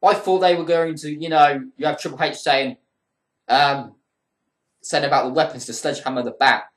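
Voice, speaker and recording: A man's voice: a little high, fairly even intonation, moderate pace, fairly bright tone. A young man giving a casual spoken review of a wrestling show, rambling and profane, with lots of ums and heated rants. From United Kingdom. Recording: echoey room.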